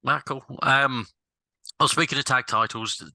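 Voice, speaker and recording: A man's voice: medium pitch, steady tone, unhurried, bright, forceful tone, dry recording. A man interviewing a guest, nervous and stammering over his questions. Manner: nervous and stammering, admits being intimidated.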